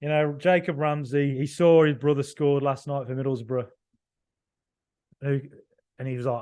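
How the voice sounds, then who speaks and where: A man hosting a football podcast, giving an excited, emphatic and rambling reaction right after a match. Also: medium pitch, moderate pace, long pauses, clean tone. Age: 30s or older.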